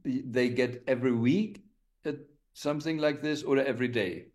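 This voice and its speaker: A man hosting an interview, asking questions haltingly with many fillers. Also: medium pitch, a little mellow. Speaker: interview host.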